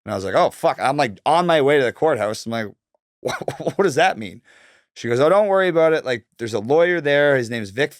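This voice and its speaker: A man's voice: mid-range voice, fairly quick, no echo, studio quality. A young man from Canada telling his story in casual, profane chat, acting out the voices of the people in it. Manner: profane, animated, acts out quoted voices.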